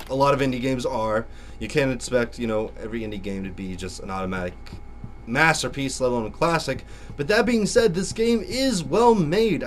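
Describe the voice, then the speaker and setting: A man's voice: mid-range voice, slight background noise. A young man with a sore throat giving jokey, theatrical let's play commentary as a gaming YouTuber.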